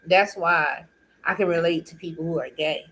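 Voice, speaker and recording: A woman's voice: lowish voice, steady tone, normal speed, a bit bright, a little hiss or hum, rough recording. Woman host, earnest heartfelt testimony, speaks straight from the heart. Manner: earnest, heartfelt, repetitive phrasing. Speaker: vlog host. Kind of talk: personal testimony monologue.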